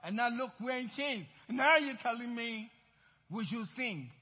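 A weary, complaining man in chains pleads that he does not feel like singing, as a high-voiced pastor puts him on. The voice stays low-key and grumbling, and the dull recording carries a long church-hall echo. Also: expressive, moderate pace, slightly rough, full character voice. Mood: reluctant. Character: weary reluctant male prisoner, complaining.

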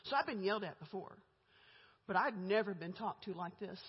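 A woman's voice: medium pitch, lively intonation, brisk, slightly rough. A middle-aged woman giving a candid, chatty church testimony about her own life, laughing between lines. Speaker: guest speaker giving a testimony. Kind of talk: church testimony, conversational storytelling. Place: church sanctuary. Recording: echoey church hall, muffled.

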